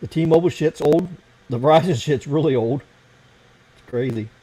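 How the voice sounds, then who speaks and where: A slightly high, dark and a bit rough voice comes through a low-quality recording at a moderate pace. The speaker, an American man, hosts a casual livestream late at night, swearing and rambling as he messes with his computer.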